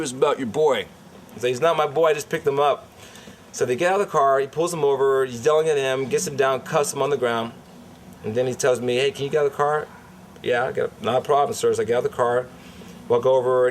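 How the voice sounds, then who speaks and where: A man recounting a police traffic stop, acting out the officer's shouting in a lively storytelling voice. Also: medium pitch. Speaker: dispensary promoter recounting an arrest.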